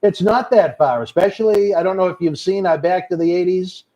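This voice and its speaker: A man's voice: high-pitched, a little fast, dark tone. A man with a Boston accent hosting a live wrestling watch-along, reading out viewer comments and calling people brother. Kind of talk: casual live-stream chat.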